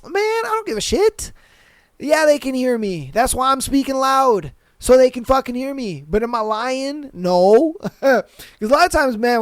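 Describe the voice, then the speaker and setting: Extremely high-pitched, a young man hosts a podcast of casual, ranting commentary, blunt and animated, full of profanity and mocking impressions of others. The recording is dry.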